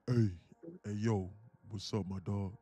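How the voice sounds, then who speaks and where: A man's voice: fairly low pitch, fairly even intonation, measured pace, mellow, no room sound, voice pushed down. A man putting on a swaggering street tough. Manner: slangy, boastful.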